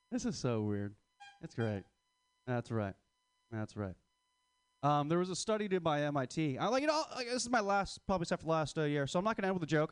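A man's voice: on the high side, smooth, no echo, clean studio sound. A man in his twenties doing a stand-up comedy set, crude, rambling and self-mocking. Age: 20s. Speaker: stand-up comic.

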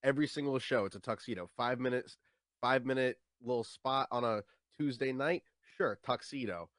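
A man's voice: medium pitch, fairly quick, fairly bright tone, no room sound, studio quality. A young man, a stand-up comedian, chatting casually in an interview and often repeating words as he starts his sentences.

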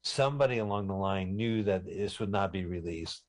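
Lowish-voiced podcast guy, chatty, reminiscing about old movies. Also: moderate pace. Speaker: podcast co-host. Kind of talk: casual movie-watching commentary.

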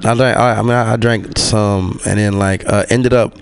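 Laid-back slangy man, lowish voice. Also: fairly even intonation, normal speed, creaky, slight background noise. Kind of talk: casual storytelling chat.

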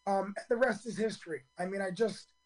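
A hoarse man in his fifties, a stand-up comedian telling his story in a radio interview, earnest and full of ums and restarts. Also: high voice, a little fast, poor audio.

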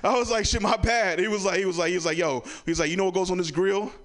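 Male stand-up comic with a storytelling set and lively character voices. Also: fast talker. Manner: storytelling, acts out relatives with loud high voices. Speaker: stand-up comedian.

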